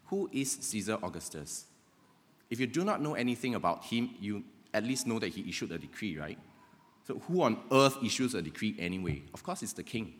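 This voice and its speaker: A man's voice: fairly low pitch, big pitch swings, a little fast. A man preaching a sermon in a conversational way, often checking in with "right?". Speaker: pastor. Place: church hall. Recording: long reverb of a church hall.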